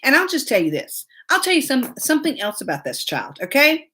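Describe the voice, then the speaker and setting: A woman's voice: high-pitched, wildly swooping pitch, brisk, few pauses, pushed and bright, breathy edge. A woman hosting a live show, telling a long story in a chatty, laughing way and greeting commenters as she goes. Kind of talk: casual storytelling live stream.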